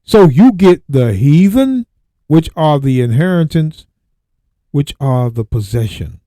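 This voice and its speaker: A man hosting a Bible radio show, reading verses slowly and then breaking off to exclaim and repeat his points. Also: a little high, expressive, dark tone, no echo. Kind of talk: Bible teaching with scripture reading.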